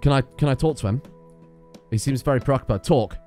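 A young man giving excitable, sweary let's-play commentary, talking to his game characters as he plays. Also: mid-range voice, brisk, faint music behind. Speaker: gaming YouTuber.

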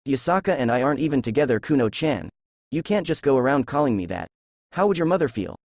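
A man's voice: medium pitch, expressive, fast, a little mellow, dry recording. Laid-back teenage ninja boy, cheeky and easily flustered, read by a man. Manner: lazy and flustered.

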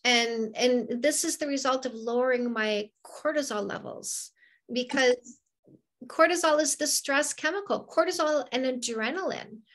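A woman in her fifties, a dating coach hosting an interview, explaining points in an animated, casual way. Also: high voice, measured pace. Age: 50s.

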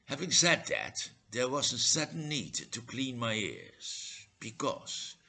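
A man reads a humorous short story slowly and with a lively, rising and falling delivery. His voice is bright but gravelly and a little husky, and his dry comic asides land at an unhurried pace. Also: medium pitch, low-quality recording. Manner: measured, dryly comic reading with indignant asides. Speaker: storyteller and English teacher.

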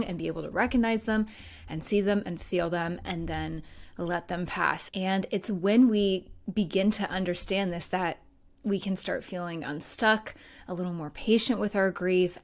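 Chatty woman hosting a grief podcast. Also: on the low side. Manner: warm conversational, laughs lightly, many fillers. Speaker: podcast host and grief coach. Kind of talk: solo podcast talk.

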